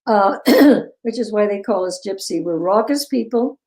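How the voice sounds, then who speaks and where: An older woman telling stories as an interview guest, animated and quick to laugh. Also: medium pitch, rough recording. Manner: animated storyteller, breaks into laughter. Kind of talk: casual interview chat.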